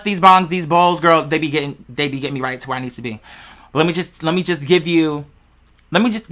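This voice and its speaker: Here a medium-pitched podcast host chats casually, addressing listeners head-on. The wild theories come in an animated, slang-heavy, profane ramble.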